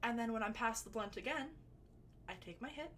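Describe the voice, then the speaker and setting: A woman telling a personal story to camera in a chatty, animated way, with sudden loud bursts and some swearing. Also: a little high, brisk, slight background noise. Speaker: storytelling vlogger. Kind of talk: casual storytime.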